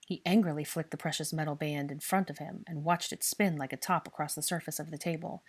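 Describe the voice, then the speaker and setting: A woman reading a fan fiction story aloud in a steady, expressive narration. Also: sits low, a little fast, few pauses.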